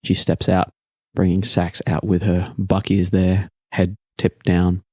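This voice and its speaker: A man narrating a tabletop game as game master, relaxed and descriptive. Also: sits low, a little slow, husky, no room sound.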